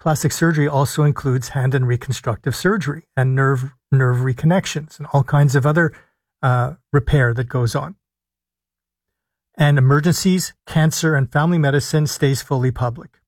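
A man hosting a live call-in radio show as a physician, explaining health policy in a measured way and stressing key words with deliberate pauses. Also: mid-range voice, fairly even intonation, no echo. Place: radio studio. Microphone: studio microphone.

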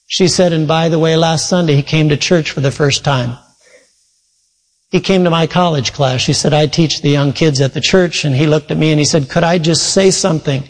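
Man preaching in an echoing hall. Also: a little high. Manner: retells a story with many quoted voices, earnest. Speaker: pastor. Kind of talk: sermon storytelling. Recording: long hall reverb.

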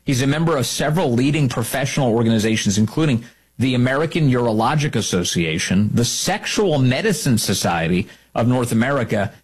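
A man's voice: mid-range voice, slightly rough. A man hosting a talk show, delivering an emphatic, opinionated monologue and repeating key lines for effect.

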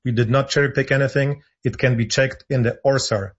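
A man's voice: mid-range voice, steady tone, brisk, husky, lo-fi sound. A man speaking as a guest on a radio call-in show, arguing his points insistently and repeating them for emphasis. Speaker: guest, founder of an advocacy group.

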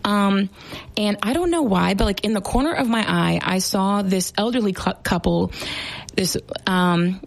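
A woman's voice: mid-range voice, unhurried, gravelly, poor audio. A young woman hosting a radio show, upbeat and chatty, with lots of "like" and "um". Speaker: radio host. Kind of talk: casual radio chat.

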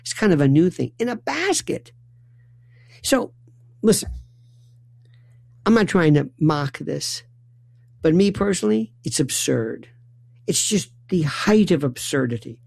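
Animated gravelly man telling a comic story. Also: fairly high pitch, a little slow, long pauses, no echo. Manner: animated, acts out family voices, stammering restarts.

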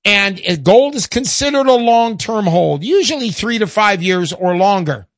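Animated older male radio host. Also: high voice, normal speed, no room sound, clean studio sound. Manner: animated, chatty, self-interrupting with fillers. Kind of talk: call-in radio talk.

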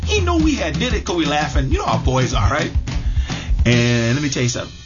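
A middle-aged man recounts a personal story in an easy, rambling way, stumbling over and repeating his words. The sound is dull and lo-fi, with music playing clearly underneath. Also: on the high side, sing-song, fairly quick. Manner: conversational, with many fillers and repeated words. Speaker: interviewee. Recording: dull lo-fi radio audio with music behind.

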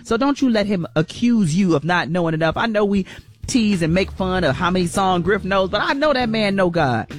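A woman's voice: mid-range voice, expressive, a little fast, soft background music. A woman hosting a morning radio show, giving an inspirational talk in an emphatic, preachy way, repeating lines for stress and calling listeners y'all. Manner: folksy, addresses listeners as y'all.

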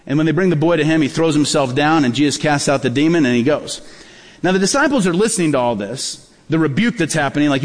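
A man's voice: fairly high pitch, animated, fast, big-room sound. A male pastor preaching a sermon, telling stories and acting out the dialogue in them. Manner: storytelling, acts out quoted dialogue.

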